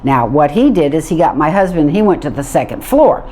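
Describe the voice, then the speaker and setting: A middle-aged woman with a fairly low voice tells a personal story. She tells it in a vivid, lively way and acts out the lines people said. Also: fairly quick. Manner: vivid, animated retelling with acted-out quotes.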